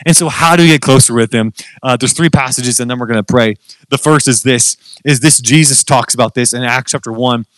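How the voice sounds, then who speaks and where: A man preaching a sermon in church, telling stories in a casual, conversational, animated way. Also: mid-range voice, brisk, no room sound, low-quality recording.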